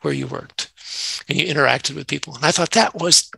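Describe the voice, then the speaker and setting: A man's voice: a little high, fairly quick, gravelly, pushed and bright, breathy edge, no echo, poor audio. A man, a nonprofit CEO, talking earnestly in an interview and telling workplace stories. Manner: earnest, acts out quoted dialogue in anecdotes. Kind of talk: conversational interview storytelling.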